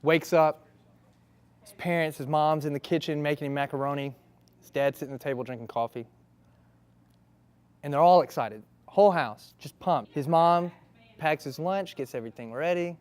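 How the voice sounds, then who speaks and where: A man telling a comic story in a casual, brisk, conversational way. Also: on the high side, a little mellow, smooth.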